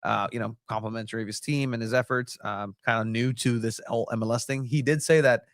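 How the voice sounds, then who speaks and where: A man's voice: mid-range voice, steady tone, fast talker, no room sound, clean studio sound. A young man co-hosting a casual sports podcast, rambling with lots of fillers and jokes. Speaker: podcast co-host and soccer reporter.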